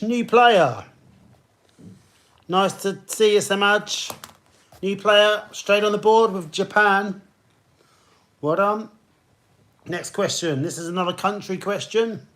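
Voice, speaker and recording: Chatty quiz host, higher voice. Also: male voice, takes it slowly, long pauses, a bit bright. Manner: chatty, greets players by name between questions. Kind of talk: live-streamed pub quiz hosting.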